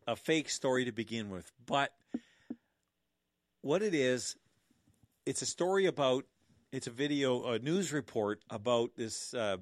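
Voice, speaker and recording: A man's voice: medium pitch, dry recording. Dry-voiced sardonic middle-aged man. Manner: sardonic, mocking, chuckling asides. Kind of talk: casual storytelling monologue.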